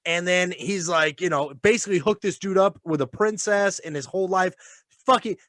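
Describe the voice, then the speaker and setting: A man co-hosting a loose, casual chat. His fairly high voice is animated and full of swearing, and it is recorded quite dry, with almost no room sound. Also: normal speed, dry recording. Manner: animated, swearing, laughs often. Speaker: podcast co-host and father.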